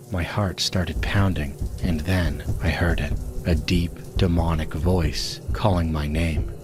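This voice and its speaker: A man narrating a scripted horror story in a measured, steady way. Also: low-pitched, noisy background. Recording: voice-over with music behind.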